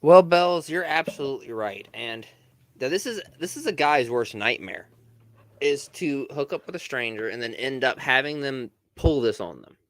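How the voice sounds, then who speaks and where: A man's voice: medium pitch, lively intonation, moderate pace, no room sound. A man giving reaction commentary in a blunt, casual way, stumbling over restarts. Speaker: commentary host.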